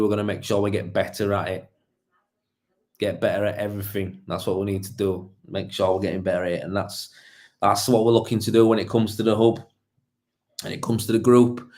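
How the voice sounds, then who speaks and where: A man's voice: on the low side, darkish tone. A young man, a plasterer, hosting a casual livestream, talking bluntly with a lot of swearing, rambling and calling people mate.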